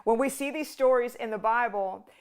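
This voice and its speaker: A woman's voice: a little high, normal speed, smooth. A woman hosting a ministry show, teaching in a casual, conversational way with many "like"s and restarts. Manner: conversational, full of "like" and restarts, acts out quotes. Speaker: ministry host.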